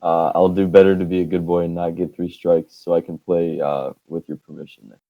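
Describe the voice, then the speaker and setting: Low-voiced teen dude laughing through a story, dry dull lo-fi mic. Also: male voice, little pitch movement, brisk, no room sound. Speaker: podcast co-host. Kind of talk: casual chat with friends.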